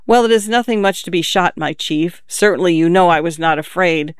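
Storybook role: man reading a cocky, grandiloquent young man, high, smooth voice. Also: a little fast, dry recording, studio quality, natural voice. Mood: boastful. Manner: grand, flowery speech. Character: swaggering boastful young man, florid talker.

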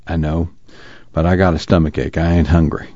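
A man doing a quiet stubborn old farmer. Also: low voice, level tone, brisk, dry recording, muffled recording, natural voice. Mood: subdued. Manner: quiet, rural dialect.

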